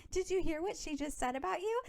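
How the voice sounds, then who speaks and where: A woman's voice: very high voice, expressive, brisk, gravelly, a little mellow, pitched above the performer's own voice, heavily acted. A woman putting on a giggly, tipsy woman who laughs off gossip in breathless shrieks. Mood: giggly shocked.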